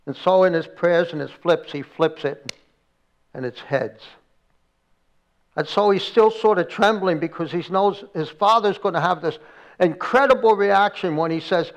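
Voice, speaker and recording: High-voiced male pastor preaching dramatically. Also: measured pace, rough recording. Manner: dramatic storytelling, acting out quoted prayers with rising intensity. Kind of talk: sermon. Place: church, recorded for an online service.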